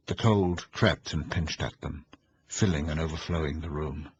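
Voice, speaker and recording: A man with a low voice narrates a ghost story at a measured, suspenseful pace. The audiobook recording is dull and lo-fi. A faint hiss sits underneath. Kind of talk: audiobook reading.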